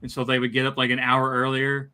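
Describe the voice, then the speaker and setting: A man's voice: medium pitch, fast talker, clear, resonant tone. A man co-hosting a casual movie podcast, telling behind-the-scenes stories with lots of restarts. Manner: animated storytelling with many restarts. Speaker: podcast co-host.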